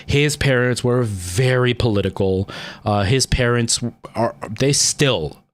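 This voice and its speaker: A man's voice: mid-range voice, takes it slowly. A man in his thirties with a Canadian accent, chatting casually and rambling to his livestream viewers, with lots of ums and restarts. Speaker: streamer.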